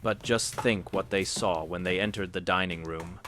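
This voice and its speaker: A man reading a fairy tale aloud in an animated, expressive storytelling manner. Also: low voice, normal speed, few pauses, slight background noise.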